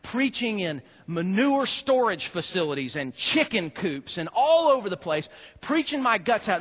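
A man, preaching a sermon in an animated storytelling way that swings from loud preaching to quiet asides. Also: high voice, moderate pace. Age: 30s. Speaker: pastor.

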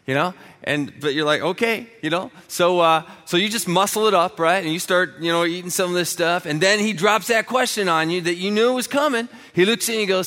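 A man preaching a sermon with humorous stories, talking in an animated way and acting out comic voices. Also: high voice, fairly quick, big-room sound. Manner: quiet and hushed while praying. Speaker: pastor.

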